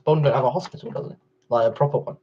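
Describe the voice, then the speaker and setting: A man's voice: medium pitch, very fast, husky, lo-fi sound. A man chatting casually on a gaming livestream, arguing back and forth with his chat in a rambling way. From England. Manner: rambling, argumentative replies to chat.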